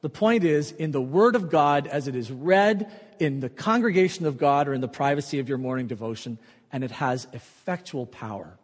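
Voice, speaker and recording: A man preaching with a fairly high voice that rings out in a church hall with a long reverb. He drives his points home with emphasis and echoes key phrases in a softer voice. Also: lively intonation, a little fast. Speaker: pastor. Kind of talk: sermon.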